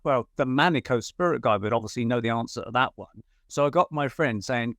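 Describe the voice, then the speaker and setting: A man tells a story as a guest, chatty and animated, with an average pitch. He trips over a few words and sprinkles in fillers. The sound is dry and close. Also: fairly quick, no echo. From United Kingdom. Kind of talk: casual storytelling in an interview.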